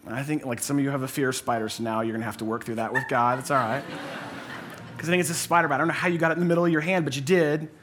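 A man's voice: mid-range voice, fairly even intonation, racing, a bit bright, a little hiss or hum. A man in his thirties preaching as a pastor, telling a personal story in a conversational way and repeating phrases for emphasis. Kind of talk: sermon.

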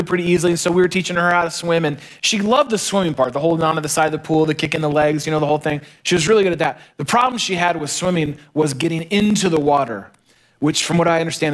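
A man's voice: fairly high pitch, a bit bright. A man, preaching a conversational sermon and telling family stories. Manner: conversational, storytelling, varied emphasis. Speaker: pastor.

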